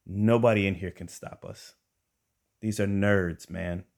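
A man quoting his brash, pushy young friend in his own deep voice while telling a story. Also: unhurried, vocal fry. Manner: pushy, excited.

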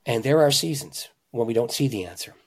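A man, a pastor and author, telling stories in an interview with animated emphasis, swinging between loud, excited lines and hushed ones. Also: mid-range voice, brisk, slightly rough. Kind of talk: conversational storytelling.

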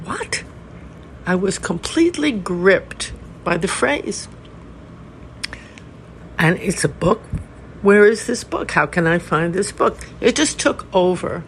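An older woman, a Zen teacher hosting her own podcast, giving a reflective talk in a gentle, unhurried way with soft laughs. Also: mid-range voice, vocal fry, slight background noise, low-quality recording.

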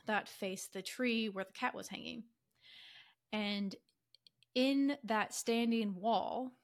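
A woman podcast co-host casually retelling a story, animated and full of fillers, acting out characters' lines in quick quoted voices. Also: medium pitch. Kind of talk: casual chatty story summary.

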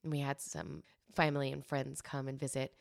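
A woman's voice: extremely low pitch, level tone, a little fast, gravelly. A woman in her thirties telling a personal story about single parenthood and giving advice, candid and emotional, with many fillers.

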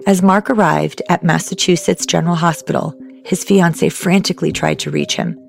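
A podcast host narrating and asking interview questions in a measured, direct way. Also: mid-range voice, fairly even intonation, creaky, faint music behind.

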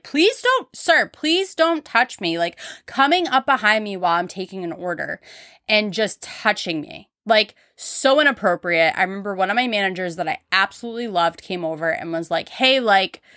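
Bright-voiced woman podcaster telling stories. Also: mid-range voice, dry recording, studio quality. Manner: candid, frequent "like" fillers. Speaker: podcast host. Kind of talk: casual storytelling.

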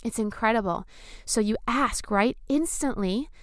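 A woman talking casually and enthusiastically to her viewers about surrender and manifestation, with casual swearing and bursts of excitement. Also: on the high side, unhurried, dry recording, clean studio sound. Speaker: spiritual vlogger. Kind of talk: casual spiritual talk to camera.

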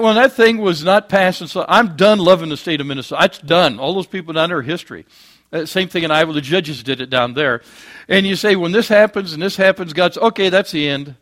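A man preaching a sermon, swinging between loud, emphatic peaks and quiet, low asides, with homely jokes along the way.

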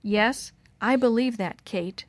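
A woman voicing a worried, pious older mother who speaks gently and protectively. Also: fairly high pitch, slow pace, no room sound.

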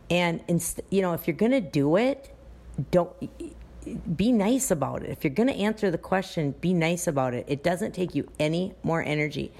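A woman's voice: on the low side, expressive, normal speed, creaky, a little mellow. A woman who runs a dance studio, talking casually on a podcast and telling chatty anecdotes. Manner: chatty, anecdotal, restarts often.

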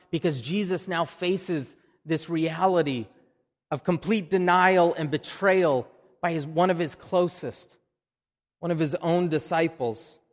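A man's voice: on the high side, big-room sound. A man with an Oklahoma accent preaching a sermon in a conversational way, often repeating a word as he restarts a phrase. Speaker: pastor. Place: church.

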